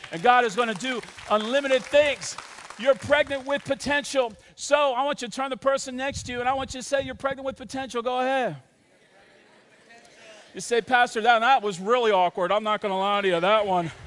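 A man's voice: very high-pitched, a bit bright, a little hiss or hum. A pastor preaching a sermon with energy, rhythmic and playful phrasing, and call-and-response to his church. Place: large church.

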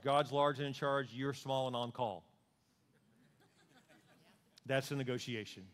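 A man preaching a sermon as a pastor, animated, acting out the voices of God and of people praying. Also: medium pitch, measured pace, pauses often. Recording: long hall reverb.

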